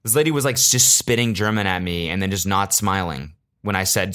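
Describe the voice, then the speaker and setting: A man with a lowish voice talks loosely through a story on his podcast. He rambles, swears often and throws in sarcastic jokes that he then walks back. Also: fairly quick, fairly bright tone. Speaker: podcast host. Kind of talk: casual comedic storytelling.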